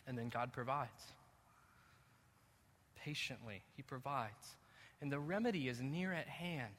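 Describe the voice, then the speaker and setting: Bright-voiced preacher in an echoey hall. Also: male voice, mid-range voice. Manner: animated, builds from calm teaching to loud emphatic preaching. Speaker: pastor. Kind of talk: sermon. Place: church sanctuary.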